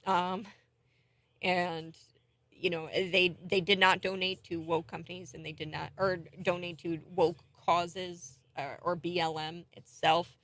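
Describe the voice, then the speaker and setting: A woman's voice: fairly low pitch, flat delivery, measured pace. A woman hosting a morning talk show, giving chatty, indignant political commentary. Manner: chatty and indignant, thinks out loud.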